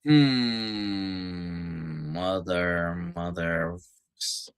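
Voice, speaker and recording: A man watching a soccer match and reacting live, profane and swinging from shouted outbursts to low muttering. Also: extremely slow, clean tone, dry recording, clean studio sound.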